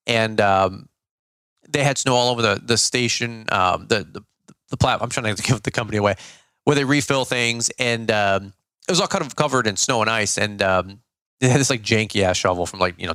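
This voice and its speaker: A man's voice: lowish voice, fairly bright tone, smooth, no room sound. Blunt middle-aged guy rambling about running his crew, lots of ums, dry close sound. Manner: blunt, slangy, rambling with fillers. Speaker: podcast host, lawn care business owner. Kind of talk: casual business talk.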